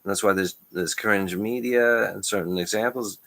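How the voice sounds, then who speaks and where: Man, low-pitched, rambling vlogger, stream-of-consciousness delivery. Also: moderate pace, vocal fry, a bit bright. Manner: stream-of-consciousness, restarts, frequent chuckles. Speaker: channel host. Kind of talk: rambling monologue to camera.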